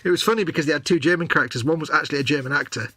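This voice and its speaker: A man's voice: a little high, racing, bright, forceful tone. A man chatting casually and telling wry stories while he works as co-host of a live stream. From England. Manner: chatty, storytelling, wry exaggeration. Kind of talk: casual chat while working. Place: home workshop.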